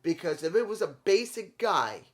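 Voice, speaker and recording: A man's voice: high-pitched, big pitch swings, moderate pace. A man reviewing a wrestling show on his own, emphatic and opinionated, repeating his points in short punchy lines. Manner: opinionated, repetitive, emphatic rants. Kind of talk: solo video review.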